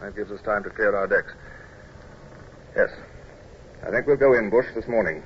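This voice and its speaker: A man playing a calm naval commodore in an old radio drama, speaking in a dry, measured, officerly way. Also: fairly low pitch, highs cut off, lightly acted. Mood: musing. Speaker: commodore and first-person narrator. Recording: old radio recording with hiss.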